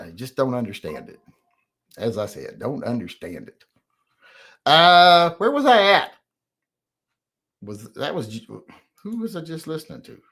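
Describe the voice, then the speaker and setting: Rambling middle-aged man with a lively pitch. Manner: rambling, profane, reading out chat comments; grumbling and defensive. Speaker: host. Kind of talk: casual livestream chat.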